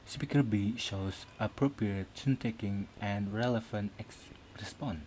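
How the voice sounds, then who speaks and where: Guy presenting slowly, lots of uhs, dark mellow voice, faint room hum. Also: fairly low pitch, low-quality recording. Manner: hesitant, many fillers and restarts. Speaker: student presenter. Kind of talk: academic presentation.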